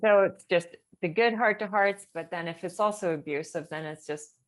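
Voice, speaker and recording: A woman's voice: fairly low pitch, moderate pace. A woman chatting casually in a rambling way, with many fillers and nervous laughter. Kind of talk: casual chat.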